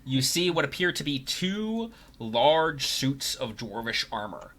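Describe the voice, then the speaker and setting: A man narrating a tabletop game as dungeon master, describing scenes slowly with pauses and fillers. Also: mid-range voice, sing-song, a bit bright.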